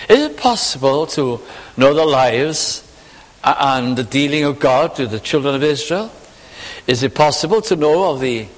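Man, preacher, fairly high voice, earnest sermon, long echo of a hall. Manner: earnest, reflective, with rising emphatic questions.

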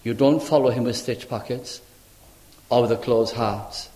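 An older man preaching a sermon in an earnest, pleading way, asking rhetorical questions and rising into sudden high exclamations. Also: steady tone, normal speed, dark tone, echoey room. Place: church.

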